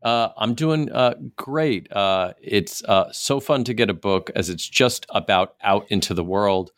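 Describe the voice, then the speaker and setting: A man's voice: on the low side, measured pace, a bit bright, no echo, clean studio sound. A male host asking long, hesitant interview questions full of restarts. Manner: hesitant, with many fillers and restarts.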